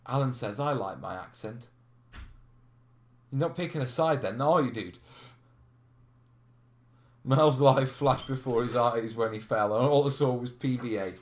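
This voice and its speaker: A man's voice: medium pitch, a little slow, pauses often. Guy chatting on a live stream, laughs a lot, roomy echo. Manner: chatty, laughing, reads out chat comments. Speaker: live stream host answering viewer questions. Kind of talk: casual live stream chat.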